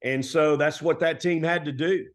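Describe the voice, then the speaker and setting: A middle-aged man from Texas, a basketball coach telling stories in a relaxed, folksy interview style full of colloquial turns. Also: fairly high pitch, normal speed. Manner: folksy, animated storytelling with Southern colloquialisms. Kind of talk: conversational storytelling interview.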